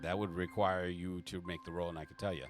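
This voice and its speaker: A man's voice: sits low, steady tone, quick pace, faint music behind. A man running a tabletop game as game master, narrating the action with frequent restarts.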